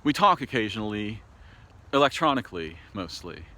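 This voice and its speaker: An American man speaking an unscripted monologue to camera, thoughtful and halting, with many pauses, fillers and restarts. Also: on the low side, sing-song, bright, forceful tone. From United States. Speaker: video essayist. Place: home in a city. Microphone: camera mic.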